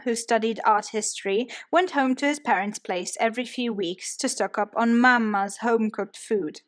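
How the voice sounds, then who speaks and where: A woman narrating a biography audiobook in a steady storytelling manner. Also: on the high side. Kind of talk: scripted narration.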